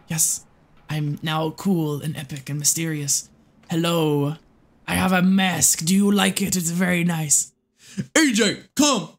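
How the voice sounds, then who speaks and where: A young adult game streamer talking live to chat, jumpy and quick to curse. They ramble in restarts and running self-talk while playing. The voice sits in a middling pitch. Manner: excitable and swearing, chatting with viewers.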